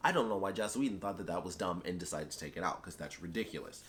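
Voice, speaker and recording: A man's voice: low-pitched, sing-song, fast talker, very noisy. Rambling, enthusiastic man reviewing a film. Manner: rambling and enthusiastic, heavy on "like" and "you know". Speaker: YouTube movie reviewer. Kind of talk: casual spoken film review.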